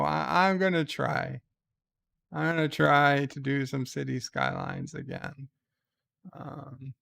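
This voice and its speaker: Middle-aged man hosting a stream, unhurried, clear and gravelly, wry and rambling. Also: on the high side, a bit bright, no room sound. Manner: wry, rambling, stammers on restarts. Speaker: livestream host. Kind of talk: casual stream chat, reading viewer letters.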